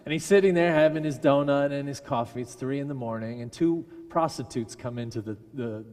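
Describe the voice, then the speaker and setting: A man preaching a sermon as a minister, telling a story with lively delivery and briefly acting out the people in it. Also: medium pitch, a little fast, faint music behind. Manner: animated storyteller who acts out quoted voices. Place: large church sanctuary. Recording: long church reverb. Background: congregation laughing.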